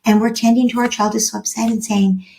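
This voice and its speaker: A woman giving parenting advice as an expert guest on a podcast. She explains at length, often ends points with "right?", and acts out gentle dialogues between parent and child. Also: fairly high pitch, level tone, fast, vocal fry.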